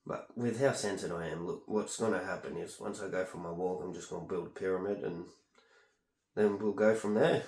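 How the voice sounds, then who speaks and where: A man's voice: low voice, brisk, a little mellow. A man rambling on in a casual, aggrieved monologue while doing a home treatment. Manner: aggrieved, meandering, talks while ear candling. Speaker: vlogger. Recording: echoey room.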